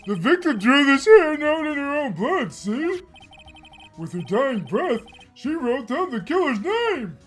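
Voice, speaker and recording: Gumshoe: a dopey loud detective. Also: high-pitched, big pitch swings, measured pace, faint music behind, pitched above the performer's own voice. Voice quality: goofy, thick-headed cartoonish voice.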